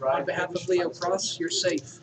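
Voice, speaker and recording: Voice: mid-range voice, fairly even intonation, moderate pace. A player taking part in a tabletop game, speaking in character in a reassuring way. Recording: loud crowd of players behind.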